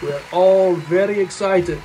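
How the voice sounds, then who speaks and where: Cheeky slow-talking Scottish man. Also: high voice, dark tone, slight background noise, rough recording. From Scotland. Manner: cheeky, grandiose phrasing. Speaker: guest giving points.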